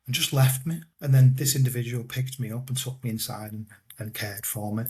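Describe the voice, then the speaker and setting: Man, guest, personal story, halting delivery with repeats and soft trailing endings. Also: mid-range voice. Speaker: guest telling his life story. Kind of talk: personal storytelling in a podcast interview.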